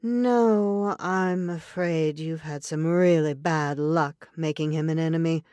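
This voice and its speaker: A woman's voice: low voice, slow pace, dark tone, no echo, clean studio sound. A woman reading an audiobook, voicing a composed frontier woman on a wagon, polite, earnest and self-possessed. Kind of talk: audiobook character voice.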